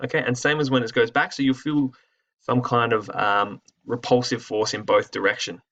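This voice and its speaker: A man in a mid-pitched, gravelly voice walks through a physics lesson over slides, casual and explanatory. He thinks aloud, with fillers and false starts. The recording is muffled and lo-fi. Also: moderate pace. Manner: relaxed, thinks aloud with many fillers and restarts. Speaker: physics teacher.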